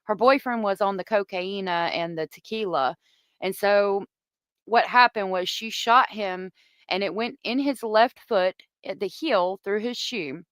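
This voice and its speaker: A woman's voice: medium pitch, a bit bright, clean tone, dry recording. A woman hosting a casual true crime livestream, chatty and gossipy, reading viewer comments aloud.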